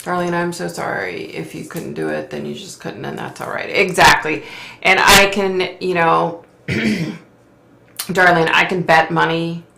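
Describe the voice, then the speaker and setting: A woman's voice: on the low side, animated, unhurried, vocal fry, sharp tone, reverberant. A middle-aged woman hosting a psychic livestream, reading viewer comments aloud and answering with sympathy and frequent sighs. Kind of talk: casual live chat reading comments.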